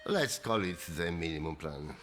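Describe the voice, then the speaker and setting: An actor playing a frantic, theatrical male bookseller who shouts and wails over a stolen book. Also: lively intonation, normal speed, faint music behind. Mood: indignant. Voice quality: shrill and melodramatic.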